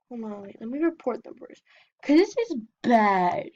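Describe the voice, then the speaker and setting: Chatty high-voiced young woman gamer. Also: very animated, normal speed, a little mellow. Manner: chatty, reads game text aloud. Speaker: gameplay vlogger. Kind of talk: casual gameplay commentary. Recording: dull lo-fi sound.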